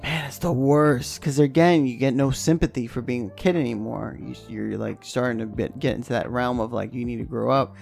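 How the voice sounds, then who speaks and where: A young man from New York chats on a podcast, telling animated stories full of swearing. His voice has a gravelly edge, and faint music plays behind him. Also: mid-range voice, fairly quick, few pauses. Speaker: podcast co-host. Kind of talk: casual chat.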